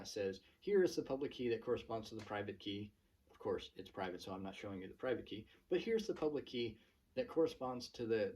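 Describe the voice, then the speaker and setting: A man hosting his own tech channel, talking through his points in a loose, chatty rant. His voice is slightly husky and sits in an ordinary middle pitch. He is recorded from a little way off the mic. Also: darkish tone, far from the mic. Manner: chatty, many fillers and restarts. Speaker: channel host. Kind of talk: casual tech rant to camera.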